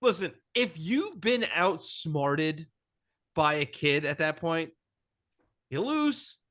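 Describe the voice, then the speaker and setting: A man with a high, bright voice chats casually about a film on a podcast. His pitch jumps all over, and he acts out quotes with plenty of swearing. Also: takes it slowly. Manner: animated, swearing, acting out quotes. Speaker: podcast co-host.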